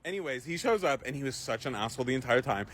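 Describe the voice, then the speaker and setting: A man telling a story in a quick clip, acting out the voices of the people in it and swearing freely. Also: medium pitch. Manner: animated, acts out quoted voices, swears freely. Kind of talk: casual storytelling.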